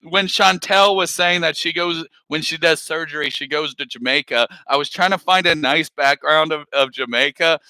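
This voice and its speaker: A man's voice: on the high side, moderate pace, hardly any pauses, sharp tone, no room sound, low-quality recording. A man on a live stream chatting casually, rambling, swearing a lot and laughing often.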